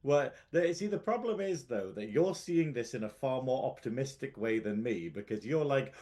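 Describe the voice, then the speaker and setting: A man, co-hosting a podcast in casual chat, teasing with quick banter and frequent laughs. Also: medium pitch, expressive, a little mellow. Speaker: podcast co-host.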